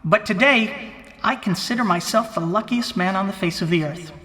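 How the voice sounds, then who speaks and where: Comic bit: man impersonating a pompous president at the podium, high, bright and forceful, grand declaiming cadence, long hall reverb. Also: normal speed. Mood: grandiose. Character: pompous blustering male president giving an inaugural speech. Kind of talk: comic impression, mock political speech.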